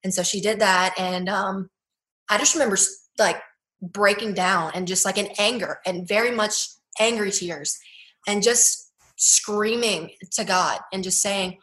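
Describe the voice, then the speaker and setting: A young woman appears as an interview guest, telling her personal story earnestly and from the heart, her speech full of "like" and "you know." Her voice sits in the mid range, a bit bright, at a measured pace. The room has a noticeable echo.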